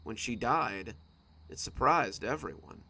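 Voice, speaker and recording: A man narrating a scripted horror story for a storytime channel, reading in a dramatic, expressive way. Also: mid-range voice, a little slow, vocal fry, slightly rough.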